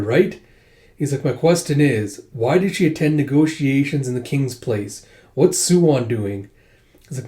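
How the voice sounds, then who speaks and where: A man's voice: mid-range voice, fairly quick, mellow. Chatty man recapping a manga. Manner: chatty, acts out characters' lines in lifted voices. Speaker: manga reviewer. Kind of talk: casual manga recap with quoted dialogue.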